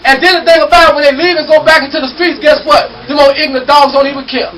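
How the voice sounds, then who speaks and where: A man's voice: very high-pitched, fairly even intonation, fast talker. A man preaching a fiery call-and-response sermon in a church, repeating "come on, somebody" to rouse the congregation. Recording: distant mic with loud congregation.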